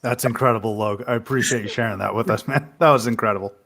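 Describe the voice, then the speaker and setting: A man's voice: medium pitch, fairly even intonation, rapid-fire, vocal fry, fairly bright tone. A man hosting a podcast, chatting loosely with a guest, swearing and laughing easily. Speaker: podcast host. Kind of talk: casual chat.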